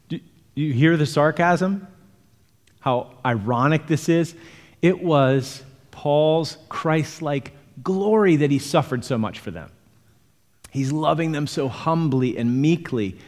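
A man's voice: fairly high pitch, a little mellow. Man preaching in a reverberant hall. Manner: earnest, explains scripture verse by verse. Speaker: pastor. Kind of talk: expository sermon.

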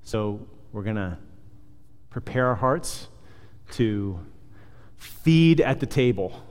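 A man preaching a sermon as pastor, animated and conversational, firing off rhetorical questions and dropping into softer asides. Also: on the low side, takes it slowly. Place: church hall. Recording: long hall reverb.

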